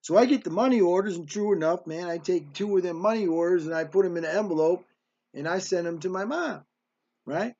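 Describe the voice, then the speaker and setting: A man in his fifties bluntly recounts a story from his past in a streetwise manner, frequently asking "right?" His high-pitched voice is brisk and a little mellow, and the casual storytelling is captured on a dull lo-fi recording.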